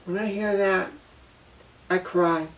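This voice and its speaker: A man's voice: high-pitched, fairly even intonation, takes it slowly, a bit bright. A man giving an earnest, emotional personal monologue as a vlogger, often repeating himself and apologizing. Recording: voice distant from the mic.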